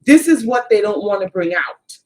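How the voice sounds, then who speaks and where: A woman's voice: mid-range voice, sing-song, moderate pace, a little hiss or hum. Emphatic woman teaching viewers on stream. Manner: emphatic, addresses viewers directly. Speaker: co-host of a spiritual channel. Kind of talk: live-streamed casual teaching talk.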